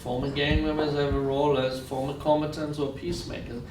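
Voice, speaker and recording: Brisk and level-toned, a fairly high-pitched Israeli man delivers a storytelling lecture as a guest, earnestly repeating phrases for weight. The far-off recording in a university lecture room has an echoey room sound and background noise.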